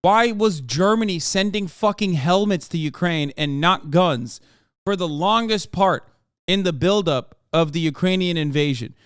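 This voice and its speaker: Male streamer, slightly high, smooth voice, blunt and profane, dry close sound. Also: unhurried, no echo. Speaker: livestreamer. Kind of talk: casual political commentary to chat.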